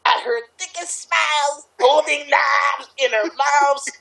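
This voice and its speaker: A man putting on a shrill, nasal voice inspired by a famous comedian, reading a bad fan story aloud with drawn-out yells. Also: creaky, heavily acted. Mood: shrill melodrama. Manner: drawn-out, yelling dramatic reading. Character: shrill nasal male reader, Gottfried-style squawker. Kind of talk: comedic fanfic reading in a put-on voice.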